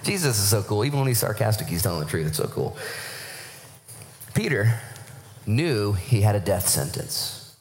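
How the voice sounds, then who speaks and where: Animated male preacher with lively pitch. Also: normal speed, long pauses, a little hiss or hum. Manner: animated storytelling with acted-out quotes. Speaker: pastor. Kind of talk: sermon.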